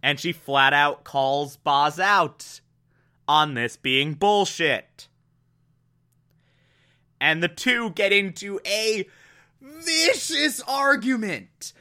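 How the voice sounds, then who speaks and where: A man giving an excitable, emphatic recap of a TV episode, laughing often and acting out the characters' lines. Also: on the high side, extremely slow, pauses often, clear, resonant tone. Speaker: TV show reviewer. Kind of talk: casual recap commentary.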